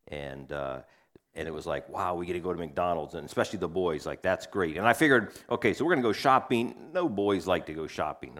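A man's voice: deep voice, a bit bright. A middle-aged man preaching a sermon, telling a family story in a conversational way and acting out the voices of his family.

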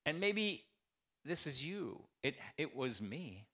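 A man's voice: fairly high pitch, big pitch swings, slow, bright, forceful tone, husky. A man preaching a sermon as pastor, talking to his congregation with rhetorical questions and emphatic repetition.

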